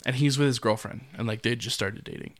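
A man's voice: medium pitch, quick pace. A young man casually telling a rambling drinking story, swearing and laughing along the way. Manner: laid-back, swearing, laughs mid-story.

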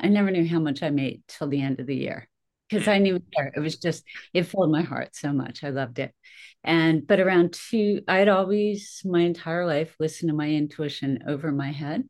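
A woman in her fifties, a guest on a podcast, telling her story in a lively, chatty way with frequent laughs. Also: deep voice. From Philadelphia area. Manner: animated storyteller, laughs often, acts out her own quotes. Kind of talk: casual conversational interview.

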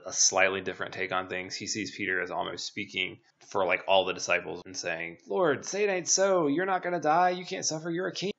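A man's voice: sits low, creaky, sharp tone. A man giving a casual Bible commentary talk, thinking aloud with many fillers and restarts, on a dull lo-fi recording.

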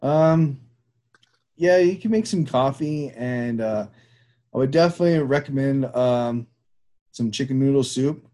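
A man hosts a relaxed chat show, rambling from one thought to the next. His pitch sits in a middle range, and his speech is full of fillers and restarts. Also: measured pace. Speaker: show host. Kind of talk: casual chat.

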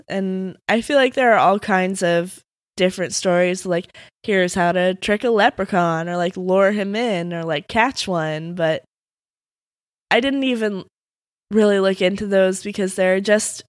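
Relaxed woman retelling folk tales casually. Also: mid-range voice, measured pace, dry recording, clean studio sound. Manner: relaxed, sleepy retelling with many fillers. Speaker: podcast co-host. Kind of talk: casual storytelling chat.

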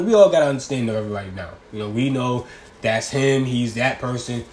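A man's voice: medium pitch, brisk, a little mellow. A young man from New York talking casually to his viewers in a loose, rambling, slangy way. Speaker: vlogger. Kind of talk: casual chat.

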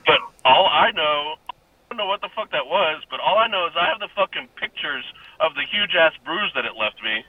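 A man's voice: on the high side, expressive, brisk. A young adult man calling in to tell a personal ghost story, rambling and swearing casually, laughing often. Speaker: caller. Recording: muffled phone-line call with faint hiss.

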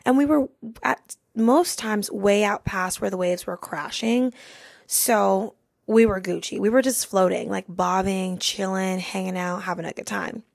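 A woman's voice: medium pitch, gravelly, darkish tone, no echo, clean studio sound. A young woman hosting a podcast, telling a funny story casually and laughing through it. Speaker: podcast host.

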